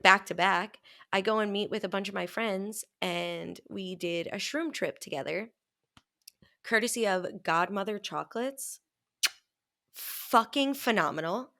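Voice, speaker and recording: A woman with a gravelly, fry-heavy voice hosts a casual podcast chat. She tells stories with a lot of energy and acts out her own lines along the way. She swears freely. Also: medium pitch, fairly bright tone. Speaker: podcast co-host.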